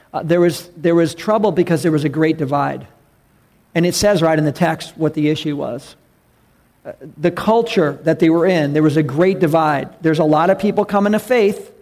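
Pastor, male, fairly high gravelly voice, earnest emphatic sermon delivery. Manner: earnest preaching, rising to loud emphatic calls.

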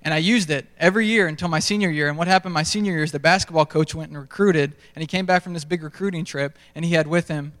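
A man's voice: a little high, quick pace, hardly any pauses, a bit bright. A young man preaching a sermon, telling self-deprecating stories in a conversational way. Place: large church stage. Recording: sermon in a reverberant hall.

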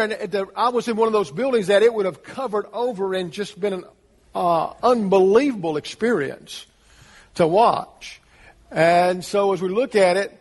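A man preaching a sermon as pastor, earnest, asking the congregation rhetorical questions. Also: high-pitched. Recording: long reverb of a large hall.

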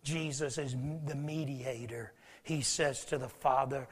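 A pastor preaching a sermon, swinging between loud, urgent passages and hushed whispers. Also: male voice, medium pitch, steady tone, a little slow, breathy edge. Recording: long hall reverb.

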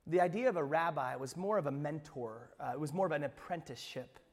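A man pastor preaching an Easter sermon, expressive, swinging from hushed lines to emphatic ones with playful asides. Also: a little high, quick pace, long reverb tail. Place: church sanctuary.

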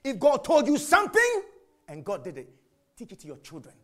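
A man preaching a sermon, asking and answering his own questions, jumping from shouts to whispers. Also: high-pitched, fairly quick. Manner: animated, swings from shouts to whispers.

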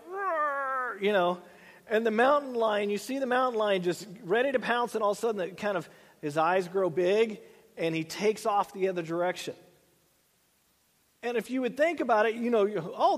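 A man's voice: high voice, big-room sound. A middle-aged man preaching a sermon in a loose, conversational way, often repeating words and using fillers. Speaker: pastor.

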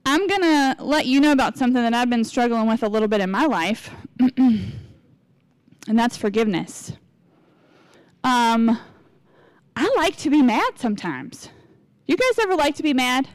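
A woman's voice: on the high side, lively intonation, normal speed, long pauses, dry recording. A woman in her forties giving a casual, candid sermon in church, chatty and confessional, acting out what people say. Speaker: lay preacher.

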